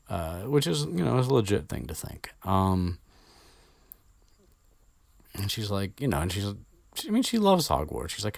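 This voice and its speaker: A man's voice: fairly low pitch, wildly swooping pitch, moderate pace, gravelly, long pauses, no echo. A man casually retelling a story as podcast host, rambling with swearing and many fillers, close to the mic.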